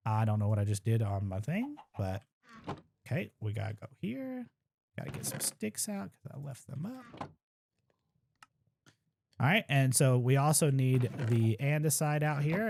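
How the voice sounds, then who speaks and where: Sitting at his home computer, a young man offers live commentary on his game speedrun, thinking aloud in a relaxed, casual way. His pitch is ordinary and middling, and he sprinkles in dry, self-deprecating little jokes as he plays.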